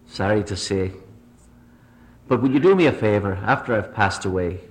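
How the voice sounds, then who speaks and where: A man's voice: fairly low pitch, animated, moderate pace, close to an everyday voice, rough recording. A man voicing a dying old Irishman in a put-on Irish brogue, lilting and sly. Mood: wistful.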